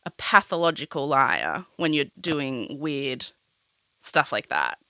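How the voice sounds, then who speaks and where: A woman's voice: rumbling low, very animated, slow pace, pushed and bright, no room sound. A young woman hosting a podcast, telling a story in casual, sweary chat full of "like". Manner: chatty, sweary, heavy on filler "like". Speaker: podcast host.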